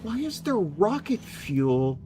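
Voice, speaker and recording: A VTuber streamer giving live gameplay commentary, excitable and swearing while talking to themselves. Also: mid-range voice, slow pace, a little hiss or hum. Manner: excitable, swears, talks to self while playing.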